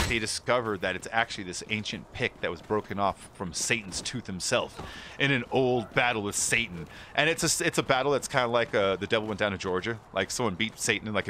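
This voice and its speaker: A man's voice: on the low side, pushed and bright, a little hiss or hum. A man chatting casually while streaming a game, rambling through movie stories and laughing often. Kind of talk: casual gaming stream chat.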